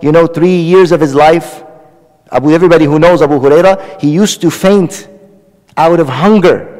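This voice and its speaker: A man's voice: fairly high pitch, a little mellow, long reverb tail, rough recording. A man preaching a Ramadan night sermon, retelling a story with dialogue. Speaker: Islamic preacher.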